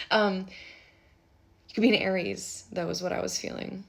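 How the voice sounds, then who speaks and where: A woman's voice: mid-range voice, animated, unhurried, vocal fry, slightly rough. Chatty woman doing a tarot reading. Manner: chatty, rambling, with offhand asides and soft muttering. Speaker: tarot reader. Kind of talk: casual live tarot reading.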